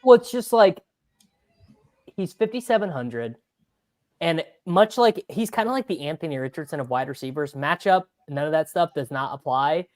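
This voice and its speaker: A man talking fantasy football on a casual podcast, animated and rambling with lots of fillers. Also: on the high side, moderate pace.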